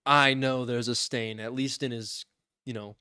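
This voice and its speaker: A young man casually telling a funny story on a podcast, lively, acting out what others said and laughing often. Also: medium pitch, a little slow, smooth, no echo, clean studio sound. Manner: animated, acts out quotes in voices, laughs often. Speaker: podcast co-host.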